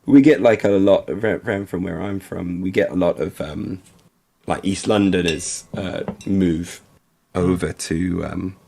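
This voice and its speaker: Brief: man, low gravelly voice, rambling self-deprecating stream chat. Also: steady tone, unhurried, warm tone. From Essex, England. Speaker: livestream co-host. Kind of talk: casual chat while painting.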